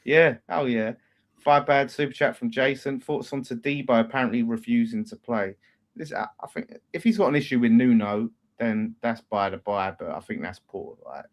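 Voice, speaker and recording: A man, hosting a fan channel and reading out viewer messages in a relaxed, matter-of-fact way. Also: medium pitch, moderate pace.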